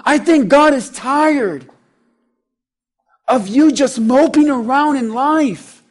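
A man preaching a sermon, speaking to the congregation conversationally and building from quiet asides to loud, urgent passages. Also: very high voice, takes it slowly. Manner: conversational, quotes scripture in voices.

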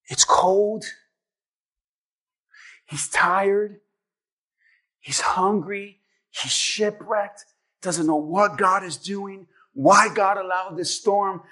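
A male pastor preaching a sermon, dramatic and rising to shouts as he acts out what people would say. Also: sits high. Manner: dramatic, shouting at peaks, acting out quotes.

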